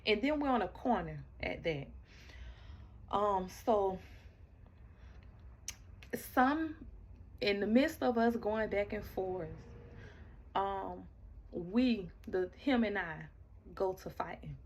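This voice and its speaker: Animated woman telling a personal story. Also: mid-range voice, takes it slowly, long pauses. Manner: animated, acts out her own and others' quoted lines; talks straight to the audience, repeats and restarts words.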